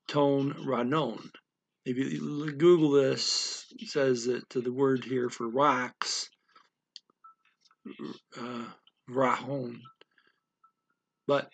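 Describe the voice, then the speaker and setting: A man thinking aloud as he explains a language lesson, halting often with fillers and restarts. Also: mid-range voice, gravelly, slightly rough. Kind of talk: casual spoken language lesson.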